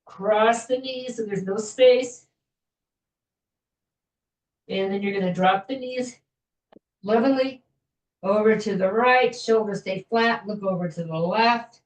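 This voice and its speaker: Gentle woman leading a stretching class. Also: medium pitch, slow pace, long pauses, distant mic. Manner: gentle, chatty, self-joking with little laughs. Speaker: fitness instructor. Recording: echoey room, voice from afar.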